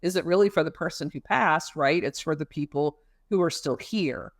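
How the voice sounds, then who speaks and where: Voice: mid-range voice, moderate pace, no echo, clean studio sound. A parenting expert on a podcast, explaining ideas with everyday comparisons and frequent fillers. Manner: thoughtful, explains with everyday analogies, many fillers. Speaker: parenting counselor or expert guest.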